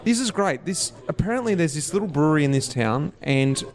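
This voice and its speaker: A man's voice: on the high side, lively intonation, brisk, faint music behind. A man with an Australian accent chatting casually and enthusiastically as a podcast co-host, recorded at a small restaurant table. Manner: chatty, enthusiastic, laid-back. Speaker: retired pro cyclist turned podcast co-host. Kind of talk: casual chat over drinks.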